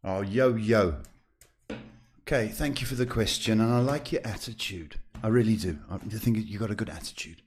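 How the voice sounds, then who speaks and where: A man hosting a live psychic reading podcast, talking in a reassuring, chatty way with drawn-out emphasis and many fillers. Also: on the low side, slight background noise. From South Africa. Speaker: psychic host.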